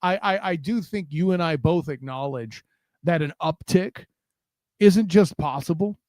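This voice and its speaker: A man's voice: on the high side, a little slow, a little mellow, no echo, clean studio sound. A man co-hosting a sports podcast in casual talk, rambling and often stammering as he restarts his sentences. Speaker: podcast co-host.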